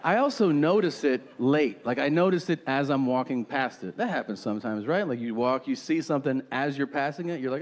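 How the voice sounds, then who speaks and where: A middle-aged man doing stand-up comedy, telling a story and acting out the other people's lines in quick put-on voices. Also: medium pitch, long reverb tail. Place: comedy stage before a live audience. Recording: stage recording with audience noise.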